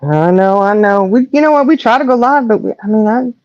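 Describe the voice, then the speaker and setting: A middle-aged woman, chatting on a livestream and telling stories with animated quoting. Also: a little high, fairly quick, no room sound. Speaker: co-host. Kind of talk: casual chat on a livestream. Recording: dull lo-fi audio.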